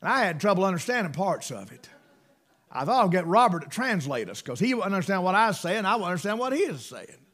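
A middle-aged man preaching a sermon, fervent, swinging between loud bursts and hushed asides. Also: sits high, big pitch swings, fast.

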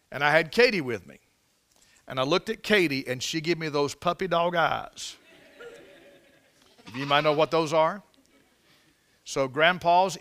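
A man's voice: on the high side, pushed and bright. A man preaching a sermon, telling folksy stories with repeated and restarted phrases and building to emphatic peaks on scripture. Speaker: pastor.

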